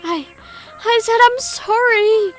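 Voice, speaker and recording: A scared fifteen-year-old boy who stammers and begs for forgiveness, read aloud by a woman. The voice stays high and shaky. Soft game music hums behind. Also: slow pace. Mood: pleading. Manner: stammering, pleading. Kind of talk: reading game dialogue aloud.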